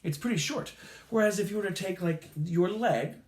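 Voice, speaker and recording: A man teaching a recorded music lesson to children, slow, patient and encouraging, sometimes making playful animal sounds. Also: sits high, a little mellow, roomy sound.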